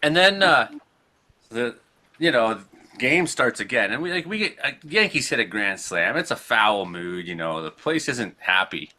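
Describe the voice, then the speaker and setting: A man from Canada, hosting a casual talk show, telling a rambling, profane story with frequent laughs and acted-out shouted quotes. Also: mid-range voice, expressive, moderate pace. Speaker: podcast host.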